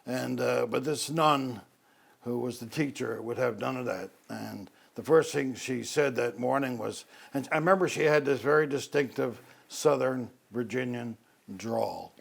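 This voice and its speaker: An older man from Newfoundland telling a personal Christmas story in an unhurried, wry way, with many pauses. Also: medium pitch, creaky.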